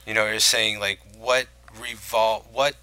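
A man's voice: on the low side, fairly even intonation, unhurried, pushed and bright, low-quality recording. A man co-hosting a podcast, chatting casually about movies and rambling with many restarts. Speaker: podcast co-host. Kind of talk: casual film-talk chat.

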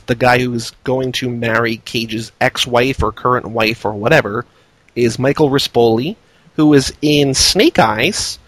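A man hosting a podcast, talking through movie trivia in a relaxed, lightly joking way. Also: medium pitch, dry recording, rough recording. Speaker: podcast host. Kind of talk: casual film discussion.

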